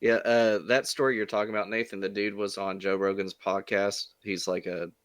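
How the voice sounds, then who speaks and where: A man in a casual podcast chat, low-key and matter-of-fact. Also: level tone, moderate pace, a bit bright, smooth, no echo, clean studio sound. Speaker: podcast co-host.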